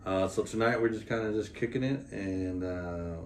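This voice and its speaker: Deep voiced guy rambling heartfelt in a vlog, roomy sound w faint hiss. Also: moderate pace, far from the mic. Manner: rambling, heartfelt, many fillers. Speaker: vlogger, expecting father. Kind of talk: casual couple vlog talk. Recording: echoey room, voice from off the mic, faint room noise.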